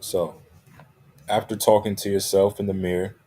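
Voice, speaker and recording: Deep, husky-voiced man coaching. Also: flat delivery, moderate pace, mellow. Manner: checks in constantly with "right?" and "okay?"; emphatic, repeats key phrases. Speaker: motivational coach. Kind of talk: motivational talk.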